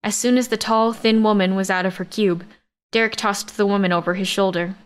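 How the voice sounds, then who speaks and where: A woman narrating a science-fiction romance in first person, with a steady, even storytelling read. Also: mid-range voice, brisk, clean tone. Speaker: audiobook narrator.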